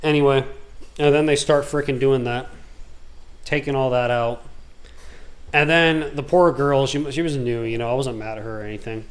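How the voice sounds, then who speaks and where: A man hosting a gaming video, telling a long story in a rambling, animated, slangy way. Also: mid-range voice, normal speed, pauses often. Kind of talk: casual storytelling while gaming.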